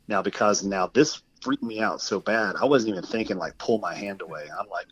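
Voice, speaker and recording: A man's voice: on the low side, a little fast, hardly any pauses, fairly bright tone, a little hiss or hum, low-quality recording. A man on a podcast telling a long personal story in casual chat, rambling with lots of fillers and acting out the people he quotes. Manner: rambling, filler-heavy, acts out quoted voices. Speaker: podcast guest.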